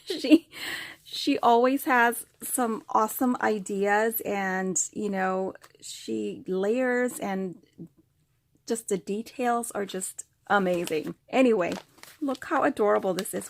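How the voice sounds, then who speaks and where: A woman vlogger opening craft mail, gushing, gasping and squealing with delight as she talks to the camera. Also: medium pitch. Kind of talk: excited unboxing chat to camera.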